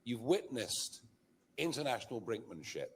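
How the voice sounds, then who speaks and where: A man giving a political interview answer in a measured, emphatic way. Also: medium pitch, big pitch swings, a little hiss or hum. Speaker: political commentator.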